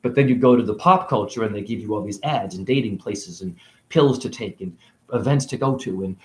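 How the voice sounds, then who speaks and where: A man's voice: on the low side, a little fast, a little mellow. A man giving a rambling spiritual monologue to camera, jumping from topic to topic, talking in circles and swearing freely. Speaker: spiritual video creator. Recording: echoey room.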